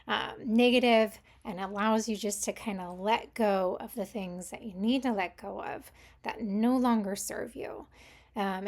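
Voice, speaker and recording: A woman hosting an intuitive crystal reading, talking in an easygoing, casual way with frequent filler ums. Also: a little high. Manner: unhurried, gentle, many filler ums.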